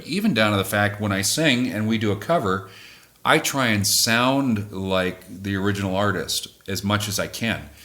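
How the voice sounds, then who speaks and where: A man who sings in a cover band, calmly explaining how he builds a track, pausing to correct himself as he goes. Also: on the low side. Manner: measured, thoughtful, self-correcting. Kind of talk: explaining music production.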